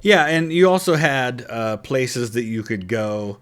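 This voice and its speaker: A man hosting a history reaction video, chiming in with relaxed, casual commentary full of small fillers. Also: medium pitch, measured pace.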